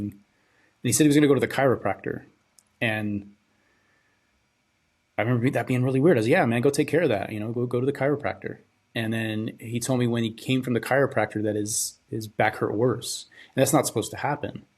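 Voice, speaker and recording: A young man hosting a podcast, telling a personal story in a halting, subdued, grieving way, often trailing off and repeating words. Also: medium pitch, fairly even intonation. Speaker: podcast host.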